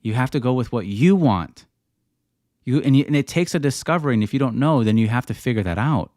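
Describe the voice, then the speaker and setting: A man's voice: mid-range voice, lively intonation, a little fast, darkish tone, dry recording, studio quality. A man hosting a casual livestream Q&A, talking through chat questions in a rambling way that drifts into rants, with frequent restarts. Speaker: livestream host answering chat.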